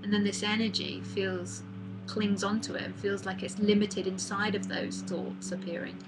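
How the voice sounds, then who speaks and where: A woman's voice: medium pitch, steady tone, normal speed, heavy background noise. A woman giving a live spiritual talk in a casual, chatty manner that circles back and repeats itself. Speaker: spiritual teacher.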